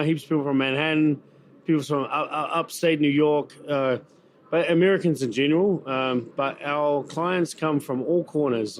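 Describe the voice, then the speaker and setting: Speaking at a busy event venue, a New Zealand-accented man who is a chef and restaurant owner gives a laid-back, chatty interview packed with fillers and repetitions. His pitch is medium, and there's a slight background noise.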